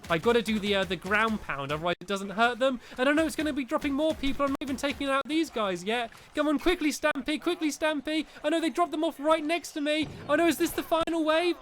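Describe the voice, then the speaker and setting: Guy with a really high voice doing game commentary, chatty and hyped, cheers himself on. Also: fast talker, hardly any pauses. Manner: chatty and excitable, talks straight to viewers, cheers himself on. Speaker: gaming YouTuber. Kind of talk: let's-play game commentary. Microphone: desk microphone while gaming.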